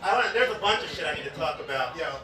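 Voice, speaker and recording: A man's voice: on the high side, animated, racing, far from the mic, over music. A male stand-up comedian opening his set with loose, chatty talk to the crowd. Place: comedy club stage. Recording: echoey club room, crowd noise.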